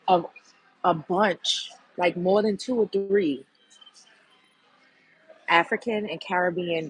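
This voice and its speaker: Woman, livestream host, very husky voice, blunt heated profane rant. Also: lowish voice, low-quality recording.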